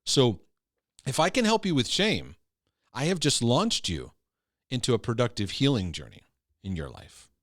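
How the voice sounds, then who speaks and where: A man teaches with a lively, swooping voice, hammering home key phrases and often checking in with "right?" and "okay?". He sounds close and dry, with no room sound around him. His delivery is earnest and emphatic, as in a recorded Christian teaching. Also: mid-range voice, moderate pace, long pauses, no echo. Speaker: Christian teacher and former pastor. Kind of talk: teaching talk to camera.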